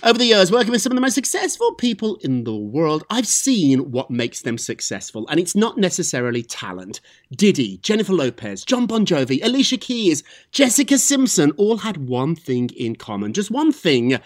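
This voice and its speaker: A man hosting a celebrity gossip show, chatting in a lively, animated way. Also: fairly high pitch, moderate pace. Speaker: host.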